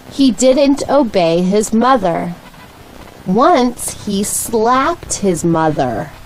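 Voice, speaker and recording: A woman with an American accent reading short English sentences aloud for learners, slowly and with clear enunciation. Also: medium pitch, a little hiss or hum, poor audio. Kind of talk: slow, deliberate read-aloud for learners.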